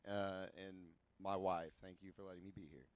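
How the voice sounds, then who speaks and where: A man from Texas, a race car driver, speaking slowly and haltingly. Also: sits low, fairly even intonation. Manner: halting, slow, soft-spoken.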